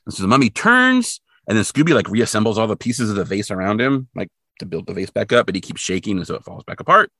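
A man's voice: fairly low pitch, fast talker, few pauses, no echo, clean studio sound. A man co-hosting a podcast, recapping a cartoon episode in casual chat and acting out bits of the story. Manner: animated storytelling with acted-out bits.

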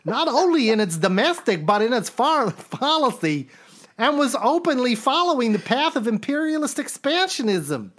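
A man doing a high-pitched, jittery comic impression of a grown man reading out a political statement. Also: big pitch swings, normal speed, a bit bright, full character voice. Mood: mock-dramatic. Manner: mock-dramatic, comic impression.

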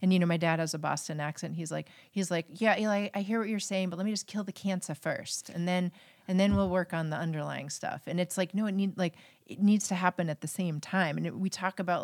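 A woman doctor on a podcast, explaining things in a loose, chatty way full of "like" and "you know". Her voice sits a little low for a woman. The sound is dry and close, with no room around it. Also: no echo. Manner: casual, many fillers like "like" and "you know". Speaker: physician guest. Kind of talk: conversational interview.

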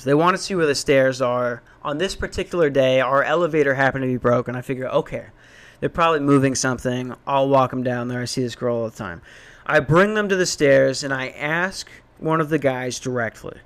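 Self-mocking man telling a story. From Minnesota. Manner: animated, self-mocking, swears, jumps into high voices when quoting. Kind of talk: casual storytelling rant.

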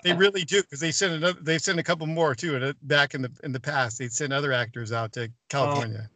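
Brief: forceful middle-aged male guest. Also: fairly high pitch, fast, no room sound. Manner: animated, acts out quoted dialogue, swears freely. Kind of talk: casual storytelling.

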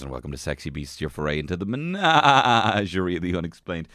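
A man's voice: deep voice, expressive, a little fast, hardly any pauses, fairly bright tone, dry recording, studio quality. A man, hosting a casual comedy podcast with jokey, playful banter. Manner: playful, jokey, swings between hamming it up and mumbling asides. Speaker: podcast host.

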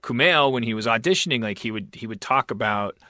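Bright-voiced man rambling on a podcast. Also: mid-range voice, a little fast, dry recording, clean studio sound. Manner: rambling, joking, animated asides. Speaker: podcast host. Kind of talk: casual chat.

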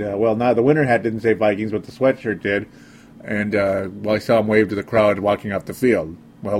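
Minnesota guy rambling on his sports podcast, kinda sarcastic, mellow dark voice. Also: medium pitch. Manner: rambling, sarcastic, frequent fillers. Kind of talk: casual sports podcast monologue.

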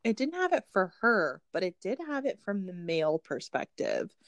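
A woman co-hosting a book podcast in casual chat, animated and acting out what people said. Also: medium pitch, moderate pace, no room sound. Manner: animated storyteller, acts out quotes. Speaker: podcast co-host.

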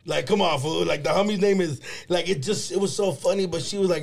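A young man co-hosting a podcast, telling a school story in a lively, slangy, laughing way. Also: sits high, fast talker, gravelly, hardly any pauses. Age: young adult. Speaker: podcast co-host. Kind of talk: casual chat.

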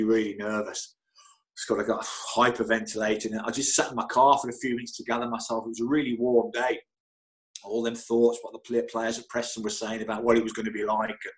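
Middle-aged man telling lively stories. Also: medium pitch, rough recording. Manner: lively storyteller, stammers and repeats words. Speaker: football club physio, guest. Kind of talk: anecdotal interview storytelling.

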